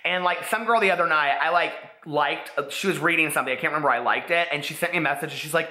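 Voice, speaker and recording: A man in his thirties talks casually about books, gushing, with constant "like"s. His voice is very bright and a little high. The room around him has a noticeable echo. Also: quick pace. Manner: chatty, gushing, many "like"s. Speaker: booktube host. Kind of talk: casual book review vlog. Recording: echoey room.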